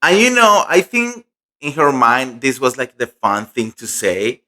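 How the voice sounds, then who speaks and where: A young man recapping a fan convention in casual, gossipy chat, animated and full of fillers. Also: mid-range voice, measured pace. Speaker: pop culture vlogger.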